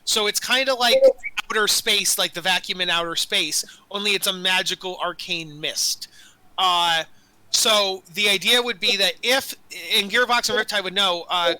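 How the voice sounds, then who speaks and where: A man running a tabletop game as dungeon master, narrating in a rambling way, full of fillers and quick self-corrections. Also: high voice, bright, forceful tone, clear, resonant tone, no echo, poor audio.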